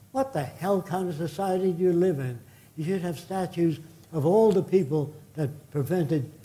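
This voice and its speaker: A man's voice: fairly high pitch, warm tone. Blunt, indignant older man lecturing. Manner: blunt, indignant, profane asides. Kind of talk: public lecture with audience Q&A.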